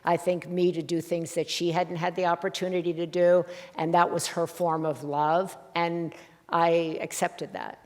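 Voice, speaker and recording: A woman hosting a heartfelt conversation, speaking softly and reflectively, pausing often with fillers as she thinks. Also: lowish voice, little pitch movement, in a large hall. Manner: soft-spoken, reflective, pauses with fillers. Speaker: host.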